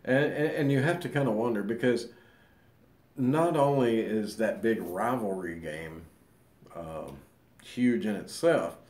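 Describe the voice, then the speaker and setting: A man's voice: fairly low pitch, unhurried, a little mellow. A man co-hosting a show and explaining things in an easygoing, casual chat. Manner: easygoing, explanatory, with many fillers and restarts. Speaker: co-host. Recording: roomy echo.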